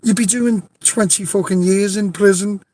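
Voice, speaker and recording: High-voiced Liverpudlian man spinning yarns. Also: moderate pace. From Liverpool, England. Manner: animated, swears freely, laughs often, keeps insisting it is true. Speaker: storyteller. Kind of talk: casual anecdote telling.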